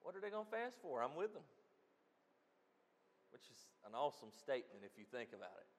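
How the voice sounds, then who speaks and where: A man preaching a sermon as a pastor, swinging from loud emphatic lines to quiet asides. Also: mid-range voice, big pitch swings, brisk. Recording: long reverb of a hall.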